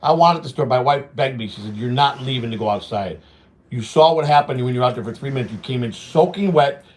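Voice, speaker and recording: A man's voice: medium pitch, animated, fast talker. Rambling profane man, casual vlog talk. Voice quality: profane, repetitive, says "man" often. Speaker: vlog host. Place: home during a hurricane.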